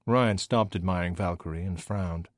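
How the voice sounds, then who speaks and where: A man narrating an audiobook with an expressive, animated reading. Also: deep voice, moderate pace, no echo, clean studio sound. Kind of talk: scripted narration.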